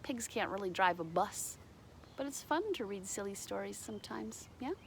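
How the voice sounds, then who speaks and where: A woman reading a children's picture book aloud with lively, animated delivery. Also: medium pitch, normal speed, slight background noise. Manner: animated, shouts character lines, explains to children. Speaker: storybook reader. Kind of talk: children's storybook read-aloud.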